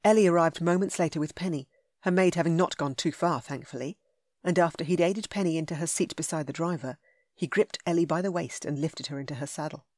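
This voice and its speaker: A woman narrating a romance audiobook in a smooth, measured, intimate way. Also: sits low, a little mellow, dry recording, clean studio sound. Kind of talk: scripted narration.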